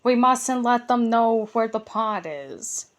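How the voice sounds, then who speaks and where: A woman voicing a croaking frog who gives firm orders in a storybook reading. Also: fairly high pitch, expressive, takes it slowly. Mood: urgent. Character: croaking frog guardian, calm and commanding.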